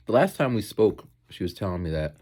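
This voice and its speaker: A man's voice: lowish voice, sing-song, brisk, a little mellow. A man who teaches in Japan, chatting casually in a rambling vlog while eating, going off on tangents and acting out voices.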